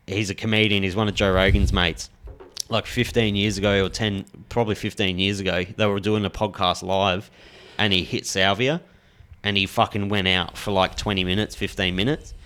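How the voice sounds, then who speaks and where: Low-voiced podcast host. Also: male voice, steady tone, normal speed, fairly bright tone, clear, resonant tone. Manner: loose, swearing, eager retelling. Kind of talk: casual podcast chat.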